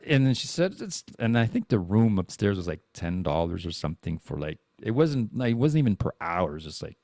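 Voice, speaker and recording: Man, 40s, podcast host, rambling confessional chat, salty language, animated pitch, dry close sound. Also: fairly quick, dry recording. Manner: rambling, frequent profanity and restarts; candid and self-deprecating. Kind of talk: casual confessional monologue.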